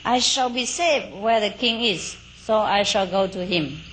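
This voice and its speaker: A gentle, noble golden deer from a folk tale speaks slowly and with dignity, as a woman storyteller puts him on. The voice stays close to her own everyday tone. Faint insect noise sounds in the background. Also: mid-range voice, expressive, poor audio. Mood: dignified.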